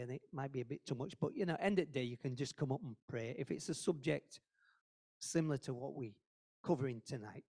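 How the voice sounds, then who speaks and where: A man's voice: a little high, a little mellow. Earnest man preaching. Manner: conversational and earnest, repeating phrases for emphasis. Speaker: lay preacher at a church meeting. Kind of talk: informal sermon.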